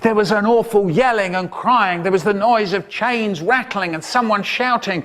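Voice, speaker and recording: A man telling a story in a very expressive way, swinging between hushed whispers and loud exclamations. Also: sits high, moderate pace, few pauses, soft background music. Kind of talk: animated storytelling, spliced into a comedy edit.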